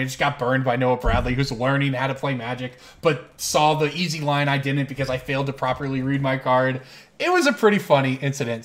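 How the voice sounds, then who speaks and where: A man hosting a card game stream, telling a long anecdote between moves, rambling and correcting himself as he goes. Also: medium pitch. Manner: rambling, self-correcting, animated storyteller. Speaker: host playing online card game. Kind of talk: casual storytelling while playing.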